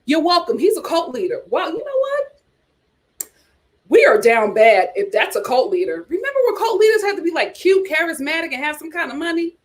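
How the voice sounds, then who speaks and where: A sassy woman hosts a casual reality TV commentary livestream. Her high voice swings widely up and down as she reacts and reads viewer chats. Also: lively intonation, fast, few pauses.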